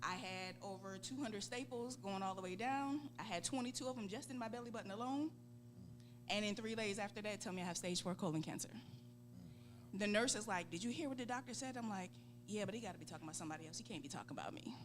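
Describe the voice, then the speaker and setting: A woman in her forties with a Southern US accent, a guest on a talk show, telling a lively story and acting out voices. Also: medium pitch, quick pace, soft background music. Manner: laughing, acts out voices in quotes. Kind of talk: animated storytelling. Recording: steady background hum.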